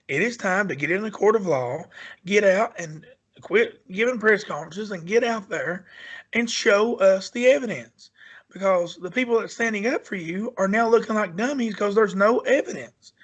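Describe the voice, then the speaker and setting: A man's voice: high-pitched, moderate pace, dull audio. A man co-hosting a podcast, giving his political views in an emphatic, repetitive, insistent way. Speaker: podcast co-host. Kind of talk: casual political chat.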